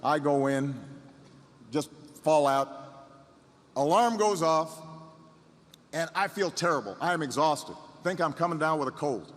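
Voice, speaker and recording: A middle-aged man giving a storytelling speech as a political speaker. He starts over and repeats himself, then builds up to shouted rallying lines. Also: a little high, expressive, measured pace, long pauses, long reverb tail.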